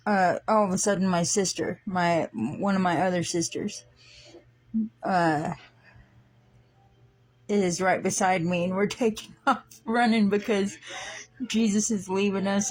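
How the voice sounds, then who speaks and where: Slow, halting woman recounting a dream. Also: medium pitch, darkish tone. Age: older than her siblings by fifteen years; adult. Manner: halting, with many fillers and restarts; earnest, slow-paced retelling. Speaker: dream storyteller. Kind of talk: casual personal testimony.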